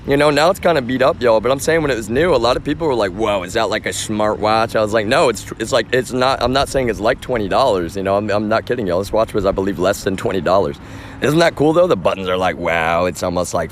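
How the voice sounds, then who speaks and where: Broadcasting live outdoors from a front yard, a man of medium pitch rants to his viewers, calling them "y'all," with a little background noise audible. His talk is agitated, meandering, and full of profanity.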